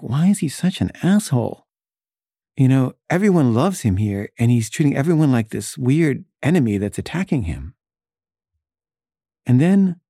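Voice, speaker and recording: Chatty man with a mellow voice. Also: medium pitch, no echo, studio quality. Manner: chatty, lots of "like" and "you know" fillers. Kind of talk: casual anecdote. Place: San Francisco resident in the past, not now.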